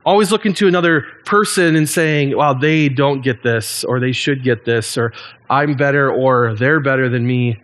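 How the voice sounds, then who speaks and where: A man in his thirties, a pastor giving a sermon in a relaxed, conversational way with frequent ums and restarts. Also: medium pitch, moderate pace.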